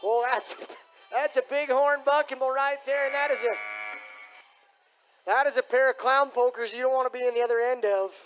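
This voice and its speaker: A man announcing a live bull riding event in an arena, booming and hyping up the crowd. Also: fairly even intonation, moderate pace, a bit bright, faint music behind. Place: rodeo arena.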